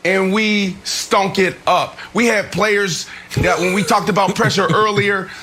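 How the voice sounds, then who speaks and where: Brief: man in his thirties, high pitched and bright, animated sports analyst. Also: a little hiss or hum. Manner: animated, fast-talking storyteller. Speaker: former NFL player, analyst. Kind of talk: sports debate storytelling.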